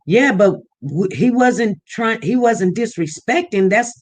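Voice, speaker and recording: A woman hosting a casual live-stream chat, talking freely and animated. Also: a little high, unhurried.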